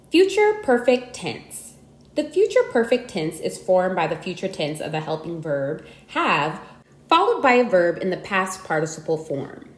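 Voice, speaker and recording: A woman narrating a scripted grammar lesson in a measured, explanatory way. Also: fairly low pitch, roomy sound. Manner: measured, explanatory reading with lively emphasis. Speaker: audiobook narrator.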